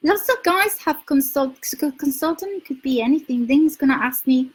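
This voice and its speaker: A woman's voice: high-pitched, lively intonation, normal speed, rough recording. A woman from Spain with a Spanish accent, chatting casually on a live stream, giving dating advice, laughing often and reading out viewer comments. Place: her home in London.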